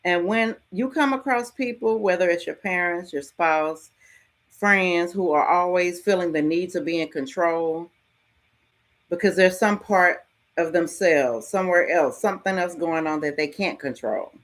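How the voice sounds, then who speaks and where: A middle-aged woman hosts a podcast, delivering a frank, casual motivational talk and telling stories with lively ups and downs and a bit of mild swearing. Her voice is lowish and her pace measured.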